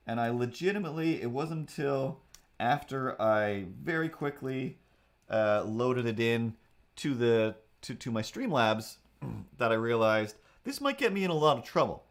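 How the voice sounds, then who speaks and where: A man's voice: mid-range voice, animated, unhurried. A man hosting a live drawing stream, rambling casually with restarts and asides. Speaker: streamer and artist.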